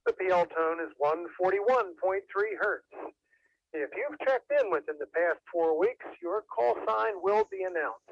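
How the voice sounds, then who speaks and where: High-voiced man announcing a radio net. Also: big pitch swings, gravelly, dry recording. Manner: measured, formal announcing. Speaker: radio net control operator. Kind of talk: reading a net check-in script. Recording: dull radio audio with faint hiss.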